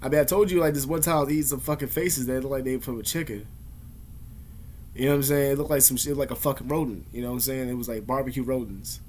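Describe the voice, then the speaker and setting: A man's voice: mid-range voice, steady tone, quick pace, a little mellow, slight background noise. A man ranting casually to camera in rambling, profane slang. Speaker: vlogger.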